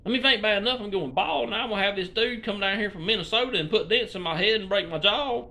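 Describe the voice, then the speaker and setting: A man's voice: high-pitched, fast talker, few pauses, pushed and bright. A man in his forties with an Alabama accent, ranting casually to his viewers in a rambling, profane, drawling way. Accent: Alabama Southern US. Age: 40s. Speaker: vlogger.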